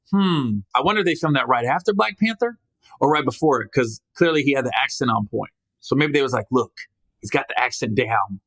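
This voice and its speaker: With a fairly high pitch and a fairly bright tone, this man delivers a loose solo podcast monologue in a recording without echo. Self-deprecating jokes mix with frequent self-corrections and restarted sentences as he rambles.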